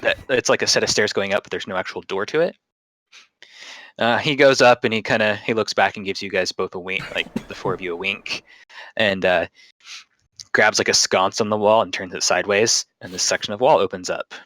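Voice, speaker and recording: A man's voice: fairly low pitch, steady tone, brisk, a bit bright. A man narrating as game master on a live stream, rambling and self-deprecating with many fillers.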